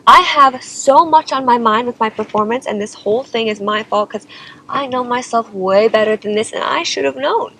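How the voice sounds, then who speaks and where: A woman's voice: a little high, moderate pace, sharp tone, a little hiss or hum, low-quality recording. A young woman singer telling a personal story in a dramatic, exasperated way, often saying "like" and "okay?". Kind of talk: confessional storytelling vlog.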